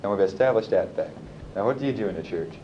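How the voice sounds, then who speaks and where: A man's voice: on the low side, expressive, quick pace. A man teasing and quizzing people at a church gathering, joking boisterously, recorded outdoors on an old home tape. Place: outdoors in a car park. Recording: lo-fi tape with faint hiss.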